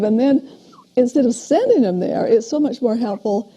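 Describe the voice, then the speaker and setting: An older woman, a parent educator, giving a steady, explanatory lecture on parenting in a recorded talk. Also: on the high side, normal speed, husky. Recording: dull lo-fi video playback.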